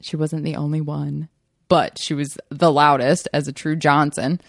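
This is a young woman with a low voice, co-hosting a podcast with her husband. She tells family stories in an animated way and acts out what people said. The recording is dry and close, with no room sound. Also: normal speed, gravelly, dry recording. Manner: animated storyteller who acts out quotes. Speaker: podcast co-host. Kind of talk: casual storytelling chat.

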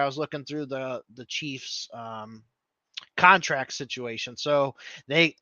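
Man, podcast co-host. Bright, loose casual chat, muffled lo-fi recording. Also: medium pitch, no echo. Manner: rambling, thinks aloud with fillers. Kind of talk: casual fantasy football chat.

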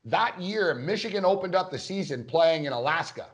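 A man's voice: a little high, animated, normal speed. Rambling man telling a sports story. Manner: rambling storyteller, acts out quotes. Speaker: podcast co-host. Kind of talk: casual sports chat.

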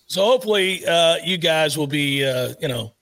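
A man co-hosting a sports podcast in a high, lively voice. He jokes with the others and puffs up his sponsor talk in mock-grand style. He stays playful and quick to tease. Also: vocal fry. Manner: animated, joking, mock-grandiose. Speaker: podcast co-host. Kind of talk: casual sports podcast chat.

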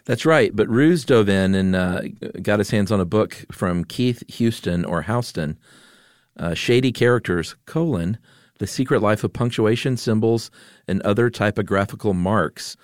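A man with a fairly low voice co-hosts a podcast in relaxed, casual chat. He talks in an easygoing, rambling way and laughs easily. The recording is dry and close on a studio microphone. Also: normal speed, no room sound. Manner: easygoing, laughs often, loose storytelling. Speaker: podcast co-host.

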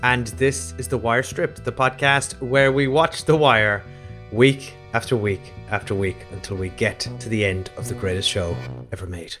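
A man's voice: lowish voice, normal speed, fairly bright tone. Male podcast co-host, chatty and upbeat, faint music under. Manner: upbeat, chatty, filler-heavy. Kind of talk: casual podcast chat.

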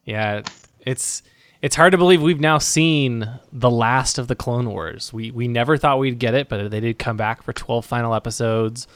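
A man co-hosting a casual podcast, speaking haltingly with many restarts. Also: medium pitch, smooth, no room sound. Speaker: podcast co-host.

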